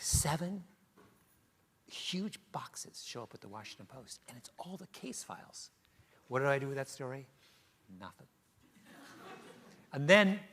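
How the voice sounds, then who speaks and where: A man's voice: medium pitch, fairly bright tone. A middle-aged man, an author, telling stories with animation in an onstage conversation in a theater, laughing often. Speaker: author guest. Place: theater stage before an audience.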